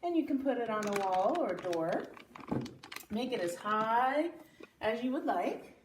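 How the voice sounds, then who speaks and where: A woman's voice: a little high, lively intonation, unhurried, noisy background. Cheerful woman teacher in an echoey room. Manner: cheerful, talks while stacking toy blocks. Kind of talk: casual instructions to children. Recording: echoey room, mic far off.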